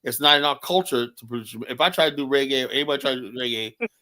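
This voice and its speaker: A man's voice: mid-range voice, rapid-fire, bright, forceful tone. Heated man arguing on a stream. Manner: heated, argumentative, keeps asking "you know?". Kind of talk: casual live-stream debate.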